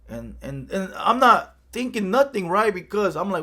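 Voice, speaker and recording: A man's voice: fairly high pitch, lively intonation, a little fast, hardly any pauses, fairly bright tone. A man from Los County, telling a street story in a casual, profane way and often checking in with "right?". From Los Angeles County.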